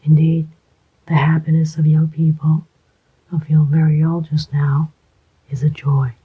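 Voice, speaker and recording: A reader voicing a cool, steady male ex-convict in a whispered role-play, deliberate and clipped. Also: medium pitch, slightly rough. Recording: dull lo-fi recording.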